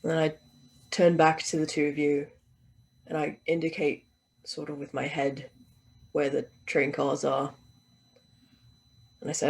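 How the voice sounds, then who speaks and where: A man playing in a tabletop role-playing game, calmly describing in the first person what his character does. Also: a little high, a little slow, gravelly, long pauses, poor audio. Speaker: player.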